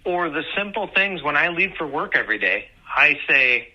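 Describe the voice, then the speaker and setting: A young father tells stories about parenting with a very bright, ringing voice. He moves from dry sarcasm to heartfelt sincerity. The audio is dull and lo-fi. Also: a little high, moderate pace. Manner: sarcastic then earnest, animated anecdotes. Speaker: parent sharing on a podcast. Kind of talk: casual personal storytelling. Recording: muffled lo-fi audio.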